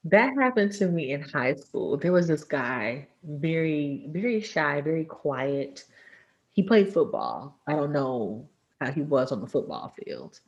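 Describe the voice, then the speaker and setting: Storytelling woman, lower voice, muffled recording. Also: unhurried. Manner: animated storytelling, laughs often, does voices in quotes. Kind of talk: casual chat.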